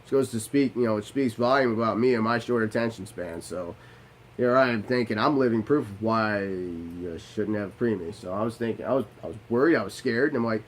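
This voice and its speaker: A man's voice: lowish voice, brisk, slight background noise, poor audio. A young man, a Navy veteran, telling his own story in a candid monologue. He talks bluntly, swears freely and often restarts his sentences.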